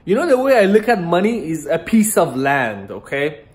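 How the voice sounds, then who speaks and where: High-voiced man rambling. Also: very animated, normal speed. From Iran. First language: Farsi. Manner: rambling, musing, laughs often. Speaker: vlogger. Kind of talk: casual rambling monologue to camera.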